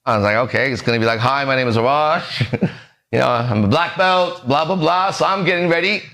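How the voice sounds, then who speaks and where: A man's voice: fairly high pitch, fast talker, sharp tone. A man hosting a podcast, telling a story in a casual, profane way and acting out the other people's voices. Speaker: podcast host.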